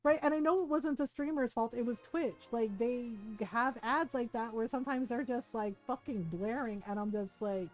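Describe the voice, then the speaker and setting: A woman's voice: fairly high pitch, normal speed, few pauses, darkish tone, soft background music. A middle-aged woman streamer chatting casually while gaming, laughing often and swearing freely.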